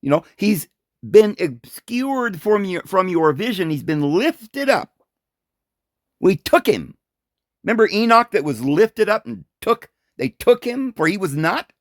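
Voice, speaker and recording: A man giving an informal Bible commentary, animated and full of rhetorical questions and short chuckles. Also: sits high, a little slow, no room sound, clean studio sound. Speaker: Bible teacher.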